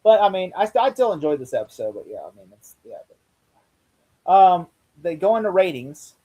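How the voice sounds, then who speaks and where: A man co-hosting a casual chat about a TV episode, rambling and excitable with many restarts. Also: sits high, a little fast, low-quality recording. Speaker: podcast co-host. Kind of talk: casual show review chat.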